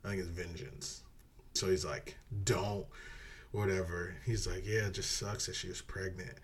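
A man with a very low voice chats casually on a podcast, rambling loosely through a story and dropping into quoted lines. A faint background hiss sits under the recording. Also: level tone, moderate pace. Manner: rambling, laughs often, acts out quotes in a dropped voice. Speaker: podcast co-host. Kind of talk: casual chat, retelling a movie.

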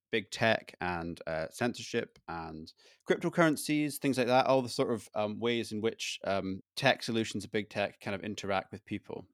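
A man's voice: fairly low pitch, no echo. A man hosting a fact-checking podcast, chatting casually with dry joking banter. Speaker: podcast host.

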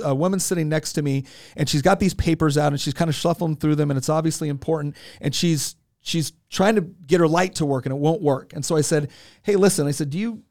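Male podcast co-host, forties, earnest casual storyteller with a slightly high voice, dry close sound. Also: darkish tone, dry recording. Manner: earnest, repeats words when restarting.

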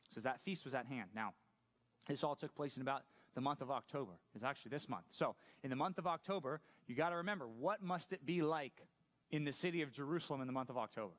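A man's voice: mid-range voice, quick pace. A man preaching as a youth pastor in a casual, conversational way, often asking the listeners questions. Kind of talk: sermon to a youth audience.

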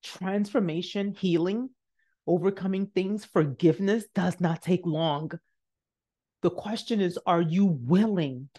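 A woman hosting a podcast, telling a motivational personal story and acting out the voices in it, jumping high for quotes and dropping to a hush for asides. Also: measured pace. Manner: animated, acts out quotes with big pitch jumps and hushed asides. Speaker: podcast host.

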